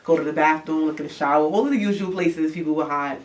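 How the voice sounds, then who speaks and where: A young woman from New York, casually telling a story, animated and swearing, acting out the voices. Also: sits low, fast. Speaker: rapper. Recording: distant mic, background noise.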